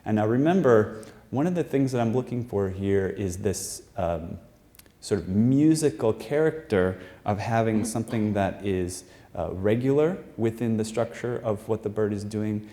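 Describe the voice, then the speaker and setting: A man's voice: lowish voice, mellow. A man presenting his research to a live audience, explaining patiently with frequent fillers and restarts. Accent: American. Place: performing arts center stage.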